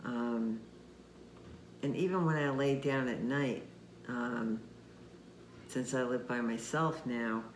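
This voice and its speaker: A man teaching children, gently and patiently walking them through a craft and talking straight to them. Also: medium pitch, slow pace, pauses often. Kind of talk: craft demonstration for kids. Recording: echoey room with faint noise.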